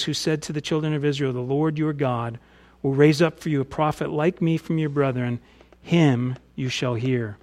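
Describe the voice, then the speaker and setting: A man's voice: on the high side, a little mellow. A male pastor preaching a sermon, reading scripture and explaining it in a conversational way, often dropping into casual paraphrase.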